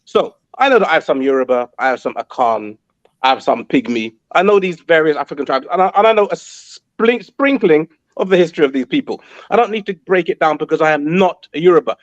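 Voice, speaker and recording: A man explains his view at a measured, slightly halting pace in a fairly high voice. The sound is dry and dull, like lo-fi call audio. His tone stays calm and steady. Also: no room sound. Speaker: panel participant. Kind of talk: casual debate.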